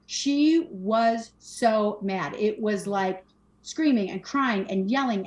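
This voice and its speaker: A woman in her forties talks candidly as a podcast guest, mid-pitched and blunt, with casual swearing. Her sentences run on quickly and emphatically. The room around her voice is echoey. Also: darkish tone. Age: 40s. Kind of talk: candid conversational storytelling.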